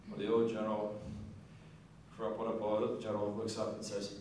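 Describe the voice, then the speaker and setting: A man's voice: lowish voice, monotone, normal speed, darkish tone, a little hiss or hum. Man, after-dinner storyteller, folksy, does the characters' voices; heard from far off in a big echoing hall. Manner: folksy joke-telling, acts out characters. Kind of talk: storytelling speech. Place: large banquet hall.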